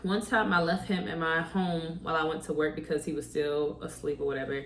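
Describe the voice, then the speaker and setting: A woman's voice: low voice, level tone, a little fast, slight background noise. A woman talking to camera in a motivational story-time vlog, speaking conversationally and firing off rhetorical questions at her viewers. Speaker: vlogger. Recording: roomy echo, distant from mic, faint ambience.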